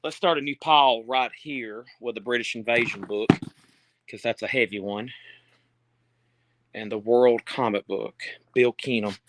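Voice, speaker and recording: A man's voice: mid-range voice, measured pace, fairly bright tone. A man selling books on a live stream from a store, reading out titles and prices with chatty asides, filming on a handheld phone. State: out of breath. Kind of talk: casual live sales patter. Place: indoor store.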